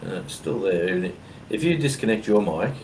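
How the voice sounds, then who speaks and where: A low, slightly mellow male voice, animated and a little fast, comes through a rough recording with mic hiss and background noise. He's an Australian live-stream co-host, chatting loosely and rambling in blokey slang.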